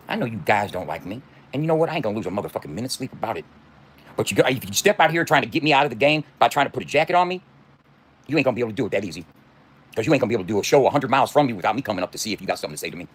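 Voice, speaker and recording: A man's voice: mid-range voice, a bit bright, breathy edge. A middle-aged man delivering a heated, profane, confrontational livestream rant.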